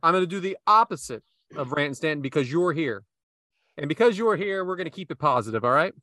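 A man's voice: on the high side, lively intonation, fast, pushed and bright, no room sound, clean studio sound. A man hosting a casual podcast, telling a rambling story full of self-asides. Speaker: podcast host.

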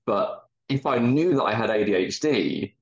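A man's voice: fairly low pitch, lively intonation, moderate pace, husky. A man, a podcast guest, explaining things in a reflective, rambling way. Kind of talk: casual chat. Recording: dull muffled audio.

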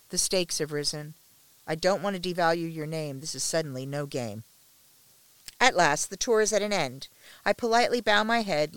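A woman reading a first-person story aloud with a measured, restrained delivery and tense pauses. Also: low voice, no room sound.

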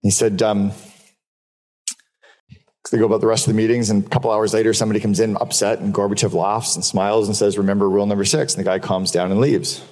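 A man's voice: fairly low pitch, level tone, brisk, darkish tone. Profane man giving a keynote in a hall. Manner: candid and profane, repeats for emphasis. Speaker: keynote speaker. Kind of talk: live business talk with storytelling. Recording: long hall reverb.

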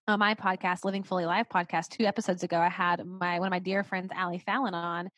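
A woman's voice: lowish voice, flat delivery, fast talker, fairly bright tone, no room sound. A woman guest on a podcast, talking in an earnest, encouraging way and repeating phrases for emphasis. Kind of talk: casual conversation.

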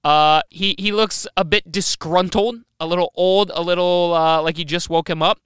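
A man's voice: sits high, fairly even intonation, normal speed, fairly bright tone, smooth, dry recording, studio quality. A young man co-hosting a casual comedy podcast, teasing and rambling through jokes. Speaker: podcast co-host.

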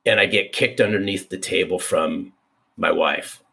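A man in his fifties, a podcast guest telling a personal story in an animated, repeating way. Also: low-pitched, a little slow, gravelly. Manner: animated, restarts, repeats for emphasis. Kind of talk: conversational storytelling.

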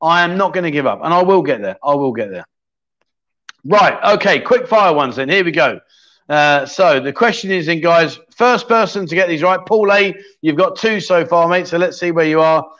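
A man's voice: a little high, expressive, normal speed, a bit bright. A man hosting a casual livestream chat show, joking around and thinking aloud as he reads out viewer comments. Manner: chatty, jokey, thinks aloud while scrolling comments. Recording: slightly dull lo-fi sound.

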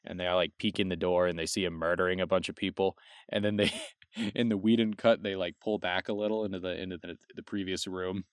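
A man's voice: low-pitched, steady tone, fast talker, clean tone, no echo, clean studio sound. A man co-hosting a casual movie podcast, rambling with restarts and casual swearing. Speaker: podcast co-host. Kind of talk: casual film review chat.

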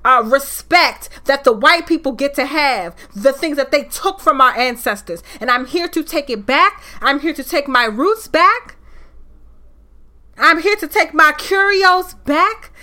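This solo podcast host has a high, lively voice and moves at a moderate pace with hardly a break. Her impassioned rant grows angrier as she preaches, turning fiery and at times loud.

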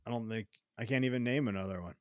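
A man with a fairly low voice chats on a live stream, asking curious questions and wandering through his thoughts. The sound is dry and close, with no room echo. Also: very fast. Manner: curious, asks questions, rambling. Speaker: stream co-host. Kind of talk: casual chat.

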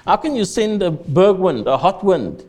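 Brief: a man doing a sulky, high-voiced, self-absorbed prophet, whining. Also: big pitch swings, moderate pace, a little mellow. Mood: whiny. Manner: whining, indignant complaining. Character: petulant self-centred male prophet, whiny.

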